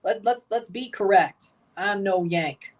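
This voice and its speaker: A man's voice: high voice, unhurried, far from the mic. A man with a Southern American accent hosting a livestream soccer watchalong, chatting casually in a rambling, folksy, emphatic way. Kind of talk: casual live match reaction.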